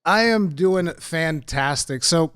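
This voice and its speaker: A man's voice: fairly high pitch, expressive, takes it slowly, a bit bright, clear, resonant tone, no room sound, studio quality. A man hosting a casual interview with a fellow content creator. He is friendly and jokes and laughs easily.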